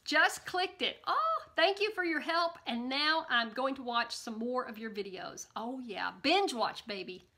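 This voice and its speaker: Bubbly bright-voiced woman vlogger. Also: sits high, expressive, unhurried, hardly any pauses. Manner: bubbly and gushing, gasps and coos. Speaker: cooking vlogger reading viewer comments. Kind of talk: casual chat to camera.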